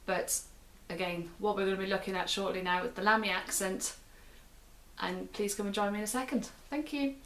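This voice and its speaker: A woman's voice: mid-range voice, flat delivery, a little fast, fairly bright tone. A British woman hosting a pen review show, chatting casually and often repeating herself as she describes the pen. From United Kingdom. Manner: chatty, repeats and restarts phrases while describing.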